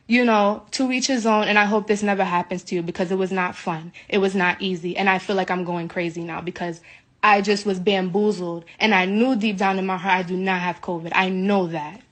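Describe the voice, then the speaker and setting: Brisk and level-toned at medium pitch, an American woman livestreams from her hotel room. She rants into the phone with indignation and agitation, circling back over the same complaints in this emotional live video.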